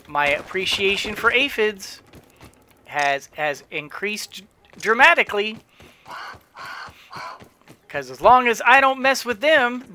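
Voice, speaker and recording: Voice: medium pitch, sharp tone. A gamer giving casual gameplay commentary, rambling with frequent restarts and chuckling to themself. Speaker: let's play gamer.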